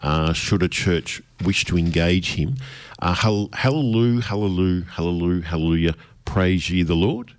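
A man's voice: low voice, measured pace. A man hosting a radio show, chatting in a friendly, conversational way. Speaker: radio host. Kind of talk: casual chat.

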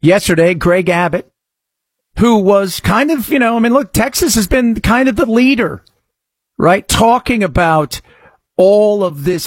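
High-voiced emphatic male commentator. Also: lively intonation, a little slow, slightly rough, dry recording. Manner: emphatic, rhetorical, restarts often. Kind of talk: opinion commentary.

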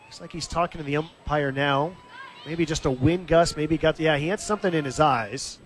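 A man calling live baseball play-by-play in a steady, conversational way, lifting his voice briefly when the action comes. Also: fairly high pitch, moderate pace, slight background noise. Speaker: play-by-play announcer. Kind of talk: live baseball radio commentary.

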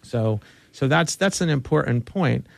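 A man's voice: mid-range voice, animated, measured pace, creaky, dry recording. A man hosting a casual health conversation, joking and thinking aloud with restarts. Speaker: host. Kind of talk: casual interview chat.

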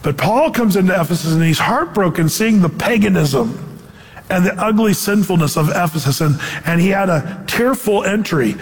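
A man preaching a conversational sermon as pastor, animated and acting out quotes in voices. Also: high voice, normal speed, in a large hall.

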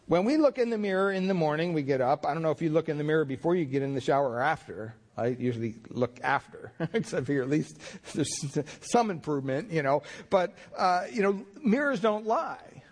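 Male pastor, fairly high voice, casual storytelling sermon. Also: expressive, brisk, hardly any pauses. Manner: folksy, rambling storytelling with fillers.

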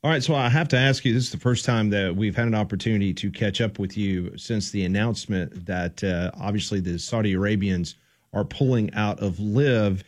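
A man's voice: on the low side, fairly quick. A man co-hosting a sports radio show, asking direct questions. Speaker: radio co-host.

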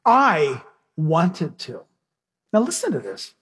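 A man's voice: extremely high pitch, expressive, measured pace, a bit bright, breathy edge. A man preaching a sermon to his congregation, emphatic and repetitive, speaking straight to his listeners. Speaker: pastor. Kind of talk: expository sermon. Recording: long reverb of a large hall.

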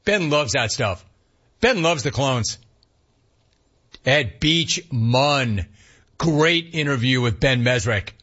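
A man's voice: medium pitch, slow pace, pauses often, muffled recording. A man hosting a radio talk show, riffing animatedly and reading listener emails aloud. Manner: animated, riffing, mock-incredulous. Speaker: radio host.

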